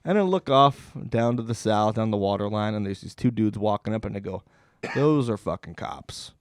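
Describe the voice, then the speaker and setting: A man's voice: fairly low pitch, fairly quick, clear, resonant tone, dry recording, clean studio sound. A young man hosting a comedy podcast, telling a rambling, profane story in a casual way and laughing as he goes. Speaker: podcast host.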